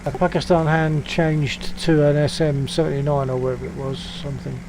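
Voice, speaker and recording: A man with a higher-pitched voice joking sardonically with his flight-sim team over a headset. A faint hum runs behind his voice. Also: flat delivery, fairly quick. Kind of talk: casual gaming chat.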